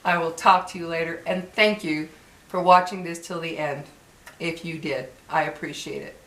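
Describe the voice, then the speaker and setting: A woman's voice: low-pitched, fairly even intonation, moderate pace, a bit bright, roomy sound, low-quality recording. Angry woman in her sixties venting. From United States. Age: 60s. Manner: blunt, repetitive, heated. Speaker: vlogger.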